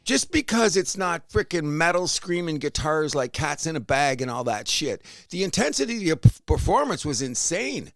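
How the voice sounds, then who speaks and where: A Canadian man co-hosting a casual sports podcast, loud and rambling, swinging between shouting and muttering. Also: fairly high pitch, sing-song, moderate pace, dry recording. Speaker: podcast co-host.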